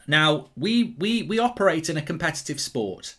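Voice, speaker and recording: A man's voice: a little high, normal speed. An English man hosting a casual live football watchalong, chatting with viewers and breaking into jokey mock news bulletins. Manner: jokey, excitable, mock-newsreader bursts. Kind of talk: casual live-stream chat.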